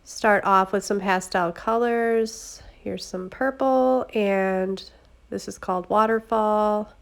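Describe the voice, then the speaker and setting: A woman with a stuffy, congested voice from a cold, giving a relaxed, chatty craft tutorial with step-by-step explanations. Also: mid-range voice, slow pace, smooth. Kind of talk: casual step-by-step tutorial narration.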